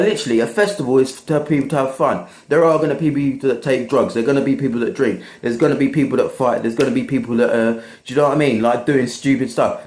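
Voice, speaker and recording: A man's voice: on the high side, darkish tone, echoey room. A young man ranting bluntly and with a lot of swearing about his work in event security. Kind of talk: ranting vlog monologue.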